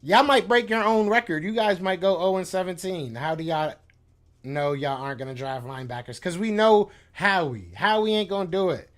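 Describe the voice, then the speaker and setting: A man's voice: high-pitched, normal speed. A man hosting a sports podcast live stream, venting in a frustrated, slangy, repetitive casual rant. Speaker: podcast host reacting to chat.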